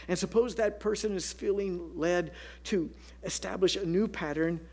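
A man's voice: fairly high pitch, slightly rough. A man preaching a sermon as pastor, telling stories and dropping to a whisper for emphasis. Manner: storytelling, dynamic, drops to a whisper for emphasis.

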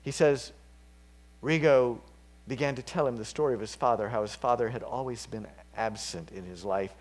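A man preaching a sermon, casual and chatty, dropping to whispers and climbing to loud, fervent peaks. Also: mid-range voice, moderate pace. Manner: conversational, with fillers and slips.

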